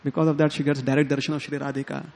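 A man giving a sermon, telling a devotional story in an animated way and acting out the characters' lines. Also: on the high side, rapid-fire. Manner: animated, quotes characters in lively tones, chuckles often. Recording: long hall reverb.

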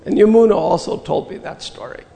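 An older man telling a personal spiritual story in an earnest, reflective way, with slow pauses. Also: high voice, vocal fry, mellow, big-room sound. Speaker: spiritual teacher recounting memories.

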